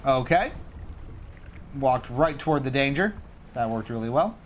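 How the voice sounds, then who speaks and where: In a medium-pitched voice at a measured pace, a man provides casual live commentary while streaming a game, chatting to himself and cracking self-mocking jokes about his mistakes in an animated way. There is slight background noise.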